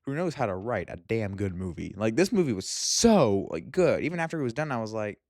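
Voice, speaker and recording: An excitable young man gushes about movies in a casual vlog. His pitch swings widely as he talks. The sound is dry and close. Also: dry recording. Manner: excitable, gushing, quick to laugh. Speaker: movie reviewer.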